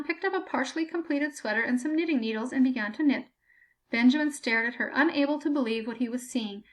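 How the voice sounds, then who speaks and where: A woman reading a story aloud as audiobook narration, steady and even-toned. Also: high voice, quick pace. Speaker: audiobook reader.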